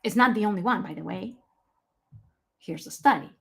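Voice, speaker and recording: A woman's voice: mid-range voice, normal speed, vocal fry. A woman giving an online health presentation, talking with emphasis and breaking off to apologise and answer viewers by name.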